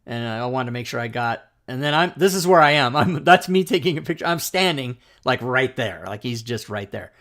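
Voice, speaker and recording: A man's voice: mid-range voice, animated, brisk, hardly any pauses, fairly bright tone. A man hosting a livestream talk show, telling a long story in a casual, rambling way, laughing often and restarting his sentences.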